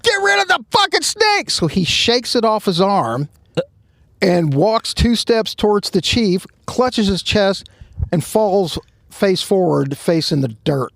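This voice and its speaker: Gravelly animated storytelling man. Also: sits high, slow pace, no echo, clean studio sound. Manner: animated storyteller, shouting quoted lines. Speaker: podcast co-host telling a story. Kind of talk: casual storytelling. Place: outdoors at a truck stop.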